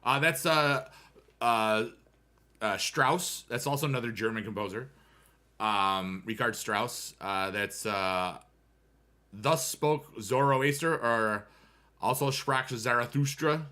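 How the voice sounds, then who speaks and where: A man's voice: medium pitch, slow pace, pushed and bright. A man casually chatting with his viewers during a livestream, rambling from topic to topic and humming tunes now and then. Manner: rambling and talkative, chats to viewers while gaming; musical asides, hums tunes. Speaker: livestreamer answering chat.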